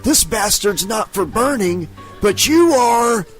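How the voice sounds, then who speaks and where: A man's voice: high-pitched, lively intonation, takes it slowly, soft background music, pitched above the performer's own voice. A man voicing a sadistic, mocking male dream demon who hisses and gloats in a storybook reading. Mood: gloating. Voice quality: hissing, gloating, chuckling.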